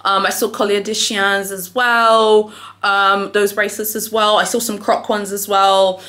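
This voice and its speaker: A young adult woman telling a shopping story in a casual vlog, chatty and animated, calling viewers "honey", recorded in a hotel room without an external mic. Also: mid-range voice, unhurried. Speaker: luxury shopping vlogger.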